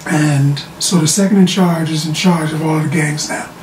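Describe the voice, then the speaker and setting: A TV show reviewer giving a casual, animated episode recap, often repeating words as they restart sentences. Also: mid-range voice, moderate pace. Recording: roomy sound from a distant mic with faint background noise.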